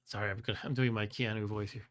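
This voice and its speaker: A man in his forties hosting a live stream and reading a gamebook aloud in his own voice. He talks in a relaxed, chatty way, chuckles often and stumbles over foreign words. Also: fairly low pitch, fast. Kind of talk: casual live-stream chat and read-aloud.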